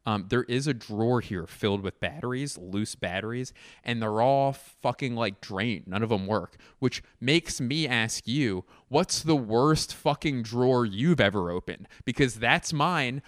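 A man rambles through a solo comedy podcast, swearing freely and poking fun at himself. His voice sits at an ordinary pitch. The sound is dry and close. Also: expressive, measured pace, no room sound. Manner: rambling, profane, self-mocking. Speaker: podcast host. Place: indoors at home, walking around.

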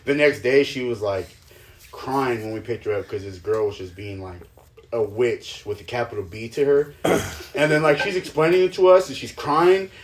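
A young man, a stepdad, telling stories in casual chat, animated and swearing, often laughing. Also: mid-range voice, normal speed.

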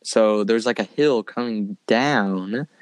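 A young man tells a story in a loose, rambling way and fills his sentences with "like" and "dude". His voice sits on the low side and sounds close and dry, with no room around it. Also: slow, clean tone, no echo. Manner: rambling, filler-heavy, says "like" and "dude" often. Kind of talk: casual storytelling chat.

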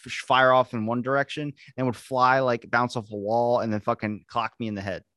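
A man's voice: medium pitch, flat delivery, brisk, sharp tone, dry recording, clean studio sound. A man hosting a podcast, rambling and joking crudely in casual chat. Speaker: podcast host.

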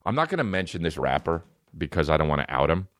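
A man riffing alone on his comedy podcast, his voice sitting low but leaping high when he gets worked up. He swerves into put-on voices mid-story. The sound is dry and close to the mic. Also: very animated, fast, a bit bright, dry recording. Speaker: podcast host. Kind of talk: comedic monologue. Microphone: studio microphone.

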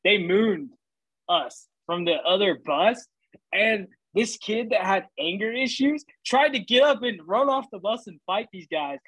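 A man's voice: high voice, measured pace, husky, no room sound, poor audio. A young man casually telling funny travel stories, swearing freely and laughing as he goes. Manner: animated, profane, laughing storyteller. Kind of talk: casual storytelling chat.

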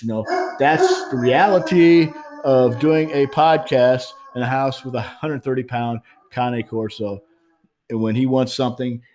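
A man's voice: mid-range voice, darkish tone, slight background noise. A man hosting a podcast from his home, talking in a frank, rambling way with many fillers and restarts. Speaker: podcast host. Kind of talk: casual monologue.

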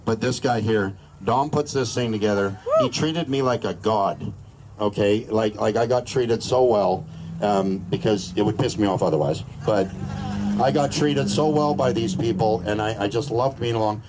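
A man's voice: on the low side, normal speed, noisy background. A Canadian man giving a crude, joking, rousing speech at an outdoor rally. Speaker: rally speaker.

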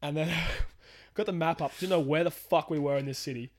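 A young man talks through a story in a loose, casual podcast chat. His voice sits a bit high for a man, and he swears freely and laughs as he goes. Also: a little fast, darkish tone. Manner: laid-back, swears a lot, laughs while telling. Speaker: podcast co-host.

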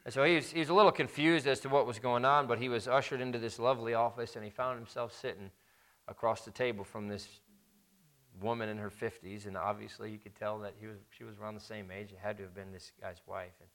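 A man's voice: fairly low pitch, fairly even intonation, fast talker, fairly bright tone. A man preaching a sermon, telling a story and leading a prayer, with emphatic repetition of key phrases.

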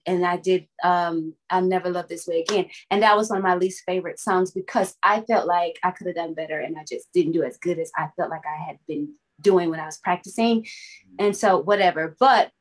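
A woman singer from Florida, telling lively, dramatic stories in an interview and calling the listener "honey". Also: on the low side. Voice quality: expressive, calls the listener "honey". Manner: lively, dramatic, laughs often. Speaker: singer and guest. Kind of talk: animated interview storytelling.

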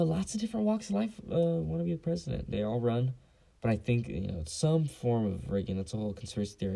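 A man's voice: fairly low pitch, gravelly, mellow, low-quality recording. A young man hosting a casual solo podcast, blunt and profane, rambling with lots of fillers on a basic home mic. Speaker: podcast host.

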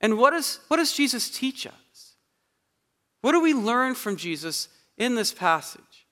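Male pastor, high bright voice, earnest sermon, hushed slow emphasis, hall reverb. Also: big pitch swings. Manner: earnest, slows and softens on key verses.

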